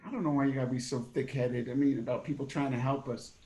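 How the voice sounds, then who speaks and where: An actor playing a blunt, stammering, working-class grieving brother with a New Jersey accent. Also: male voice, medium pitch, steady tone, fast talker, a little mellow, natural voice. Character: rough, blunt grieving younger brother, middle-aged. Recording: roomy echo.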